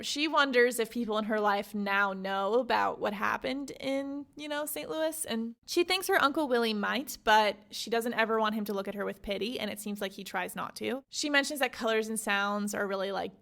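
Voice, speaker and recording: A young adult woman hosting a book podcast, summarizing a memoir in a chatty, animated way full of "like" and "you know". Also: medium pitch, gravelly. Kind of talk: casual book summary with read-aloud excerpts.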